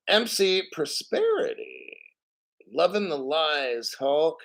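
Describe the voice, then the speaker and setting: Blunt, profane crypto stream host. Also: male voice, on the high side, unhurried, fairly bright tone. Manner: frequent throat clearing. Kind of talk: casual livestream rant reading donations.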